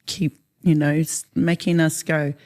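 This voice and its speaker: Interview guest: woman, soft dark timbre, loose and rambling, drops in Māori words. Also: low-pitched, level tone, measured pace. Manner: rambling, many fillers, mixes in Māori words. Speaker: interview guest, haka performer. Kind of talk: casual interview chat.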